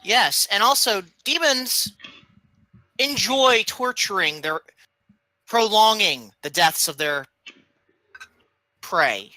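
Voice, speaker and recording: A woman's voice: mid-range voice, lively intonation, slow, long pauses, bright, forceful tone, no room sound, low-quality recording. A woman playing a tabletop game, musing and rambling. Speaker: player. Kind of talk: casual tabletop game play.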